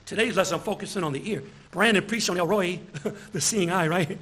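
High, bright-voiced man preaching. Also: a little fast, poor audio. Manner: lively, chuckles between points, calls out praise. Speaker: deacon. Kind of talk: sermon.

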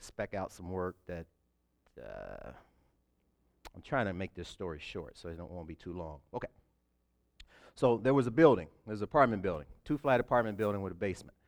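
A deacon telling a personal story to his church in a conversational, unhurried way, with plenty of fillers. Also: sits low. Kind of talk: church testimony.

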